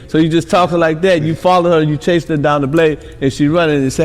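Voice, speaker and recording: A man's voice: fairly high pitch, fairly even intonation, rapid-fire, few pauses, in a large hall. A middle-aged man from Milwaukee telling rambling stories as a podcast guest, constantly tossing in "you know what I'm saying.". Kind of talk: casual interview storytelling.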